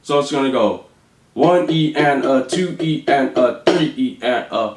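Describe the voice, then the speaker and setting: A man explains drum rudiments and counts out the beats in a slow, rhythmic way. The room rings with a noticeable echo, and there is a faint hiss underneath his voice. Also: mid-range voice, expressive, darkish tone. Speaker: drum teacher. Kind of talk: instructional demonstration. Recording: echoey room with faint noise.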